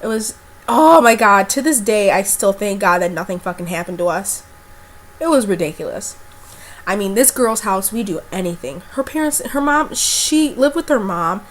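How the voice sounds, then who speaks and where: A woman's voice: medium pitch, expressive, moderate pace. Chatty, foul-mouthed young woman telling a story. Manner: chatty, blunt and profane, with lots of fillers. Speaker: vlogger. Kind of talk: casual storytelling to camera.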